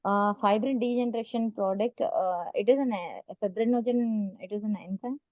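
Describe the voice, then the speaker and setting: A woman's voice: mid-range voice, moderate pace, no echo. A woman doctor with an Indian accent answering quiz questions by phone, hesitant and polite with many fillers. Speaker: student doctor. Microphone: phone on a video call. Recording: dry, dull phone call audio.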